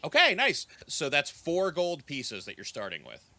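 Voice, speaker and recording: A man's voice: on the high side, huge pitch swings, moderate pace, pushed and bright, no echo. A man narrating as game master of a tabletop game in an easygoing, descriptive way.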